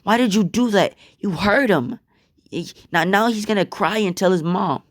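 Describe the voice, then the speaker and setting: Man voicing shocked schoolkids telling off a bully; high and loud. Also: brisk, no echo, studio quality, lightly acted. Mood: scolding. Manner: scolding, shocked.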